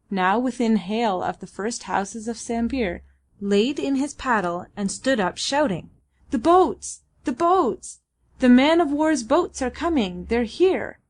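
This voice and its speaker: A woman giving a steady, even audiobook narration. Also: on the high side. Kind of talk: scripted narration.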